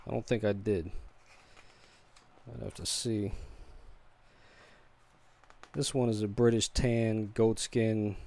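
A man with a fairly low voice shows off his bookshelves in a relaxed home video. He talks in an easygoing way, pausing and filling gaps with ums. It is recorded on a handheld camera in a home office. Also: creaky. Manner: relaxed, unhurried, with frequent ums and trailing pauses. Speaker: vlogger giving a home library tour. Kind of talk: casual home video tour.

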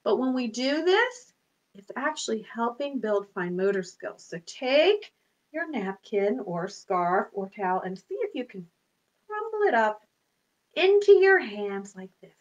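Woman, high bright voice, slow unhurried delivery, children's storytime, sing-song and exaggerated. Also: sing-song, lo-fi sound. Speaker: children's librarian.

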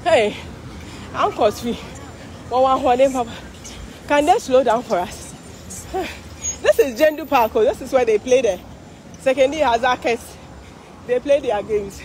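A woman's voice: sits high, moderate pace, long pauses, a little mellow, a little hiss or hum. A Ghanaian woman vlogging live while walking along a street parade, tired from the walk, chatty and exclaiming. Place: outdoor city street at a parade.

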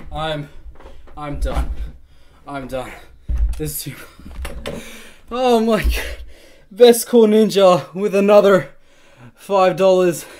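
A male livestreamer thanking donors on a live stream, stammering and swearing in disbelief, with sudden bursts of shouting. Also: sits high, noisy background.

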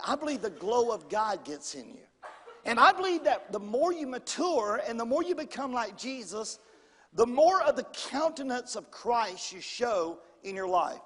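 Preaching in a church sanctuary with a long reverberating echo, a man with a very high-pitched, fairly bright voice speaks in a folksy style. He repeats phrases and urges the congregation to reply.

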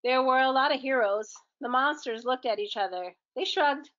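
A woman reading a children's book aloud in a gentle, expressive storytelling manner. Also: high voice, normal speed, highs cut off.

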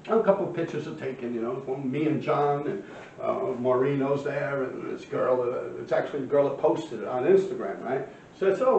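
A man's voice: on the high side, a little mellow, a little hiss or hum. A man, casually telling a rambling, profane street story full of fillers. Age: 50s. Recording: echoey, distant, muffled room recording with faint ambience.

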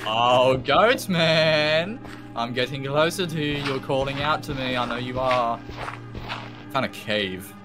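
A man's voice: mid-range voice, moderate pace. A man chatting casually while playing a game with friends, joking and yelping when startled. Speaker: gamer. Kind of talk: casual gaming chat. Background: game music.

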